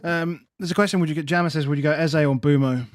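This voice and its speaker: A man's voice: a little high, fairly even intonation, fast, no echo, clean studio sound. A man co-hosting a casual football podcast, rattling off lists of fixtures and leaning on fillers as he talks. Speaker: podcast co-host.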